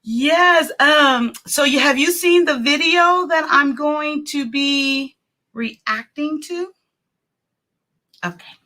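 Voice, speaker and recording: A woman's voice: high voice, slow pace, sharp tone. A woman hosting a live stream in casual chat, greeting viewers by name and laughing often. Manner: chatty, laughs often, reads viewer names aloud.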